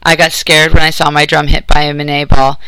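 Man reading a scared, polite boy prisoner, slightly high and bright. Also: monotone, fairly quick, smooth, no echo, rough recording. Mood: nervous. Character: frightened twelve-year-old drummer boy.

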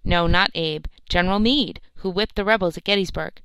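A woman's voice: lowish voice, brisk, a bit bright, clear, resonant tone, no room sound, lightly acted, rough recording. A woman doing a boastful, big pipe-smoking soldier. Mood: knowing.

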